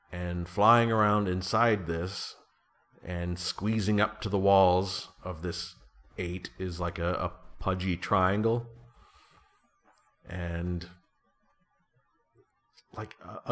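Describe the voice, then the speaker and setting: A podcast co-host in his thirties has a low voice with a fairly bright tone. His casual chat rambles along, jokey and self-deprecating.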